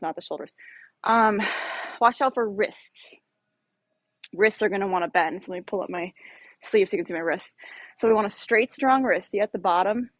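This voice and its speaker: A woman's voice: a little high, no echo. A woman fitness instructor in her thirties, demonstrating exercises casually with lots of fillers, slightly out of breath. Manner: casual, explanatory, many fillers.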